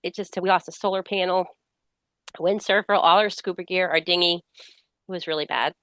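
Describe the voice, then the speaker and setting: A woman's voice: lowish voice, normal speed, no echo. A middle-aged woman author, a guest with a slight cold, telling stories and acting out what people said. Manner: lively storyteller who acts out quoted dialogue. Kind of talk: casual interview storytelling.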